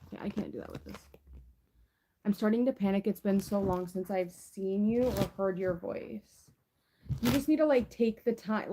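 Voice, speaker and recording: A young woman with a medium-pitched voice gives a casual tarot reading to camera, with background noise present. She rambles, saying "like" a lot and often restarting her sentences.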